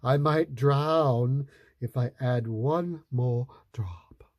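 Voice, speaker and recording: Storybook figure: a man playing an ancient wise wizard, unhurried, secretive whisper. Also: medium pitch, dry recording, clean studio sound. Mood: mysterious. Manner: slow, hushed whisper. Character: very old wise male wizard, mysterious.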